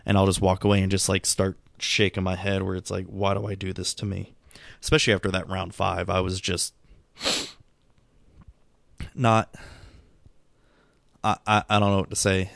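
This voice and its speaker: A man's voice: sits low, gravelly, no room sound. A middle-aged man talking through a long night in a rambling, self-critical monologue, tired and subdued, with many restarts and fillers. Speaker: vlogger. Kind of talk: reflective casual monologue.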